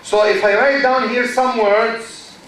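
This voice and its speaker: A man's voice: extremely high pitch, fairly even intonation, takes it slowly, a bit bright, a little hiss or hum. A man lecturing a university class, asking the students questions, answering them himself and repeating key phrases. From Egypt. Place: large university lecture hall. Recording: very echoey lecture hall, mic far off.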